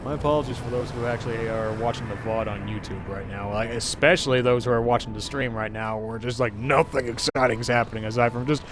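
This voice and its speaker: A man streaming a video game live, talking to his chat in an excitable way and swearing often. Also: mid-range voice, fast talker, hardly any pauses, a little hiss or hum. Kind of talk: live-streamed gameplay commentary.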